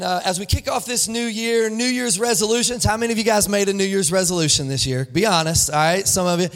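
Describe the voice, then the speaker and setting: A man serving as lead pastor, preaching a live church sermon in an upbeat way and asking the congregation questions. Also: sits high. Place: church sanctuary.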